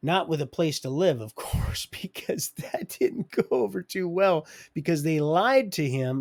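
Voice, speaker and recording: A man's voice: a little high, animated, normal speed, gravelly, hardly any pauses, darkish tone. A middle-aged man telling his own life story on a live stream, digressive and loose, chuckling as he goes. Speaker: livestream storyteller. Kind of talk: rambling personal storytelling.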